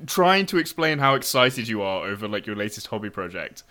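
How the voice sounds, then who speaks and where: A man co-hosting a podcast, enthusiastic and expressive, with many fillers in casual chat. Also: on the low side, a little fast.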